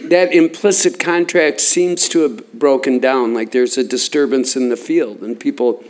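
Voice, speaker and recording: A man interviewing guests in a casual chat, asking questions haltingly, with many ums and repeated words. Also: medium pitch, darkish tone.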